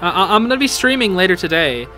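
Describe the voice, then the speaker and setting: A man giving a casual, excited reaction to a show's episode, full of slang and calling the listener dude and bro, and a bit emotional about it. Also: high voice, fast, faint music behind. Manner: emotional, a little teary. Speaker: YouTube show reviewer.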